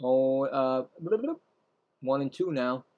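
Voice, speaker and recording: A man's voice: medium pitch, lively intonation, unhurried, narrow, tinny audio. A man hosting casual live baseball play-by-play, rambling, self-mocking, and often stumbling and correcting himself. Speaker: play-by-play host.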